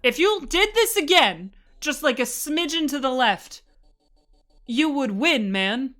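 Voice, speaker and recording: Bright, chatty woman presenter. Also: high voice, sing-song, takes it slowly, soft background music. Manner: rambling, enthusiastic, talks in asides. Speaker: streamer presenting a fan slideshow. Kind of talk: casual livestream presentation.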